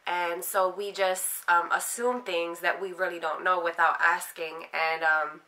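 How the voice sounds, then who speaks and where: A woman's voice: lowish voice, fairly even intonation, measured pace, pushed and bright. A young woman from Philadelphia telling a candid personal story to camera, emotional and heartfelt, rambling with fillers. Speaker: vlogger.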